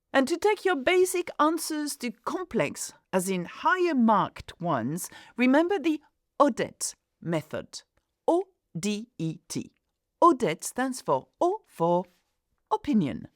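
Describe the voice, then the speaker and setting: A woman tutor teaching an exam-prep lesson at an unhurried pace. Her pitch rises and falls freely as she reads out example phrases clearly and deliberately. The sound is dry and close. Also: dry recording. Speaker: French tutor. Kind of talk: instructional video lesson.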